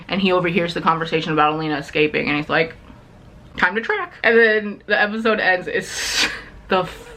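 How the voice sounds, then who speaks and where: A woman recapping a TV series in a casual, gossipy vlog, animated and swearing freely. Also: on the low side. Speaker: book and TV vlogger.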